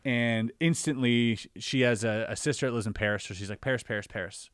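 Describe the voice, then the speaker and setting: A man in a casual podcast conversation, telling a personal story in an animated way, acting out his own reactions with lots of filler words. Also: mid-range voice, quick pace, no room sound, studio quality. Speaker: podcast guest or co-host.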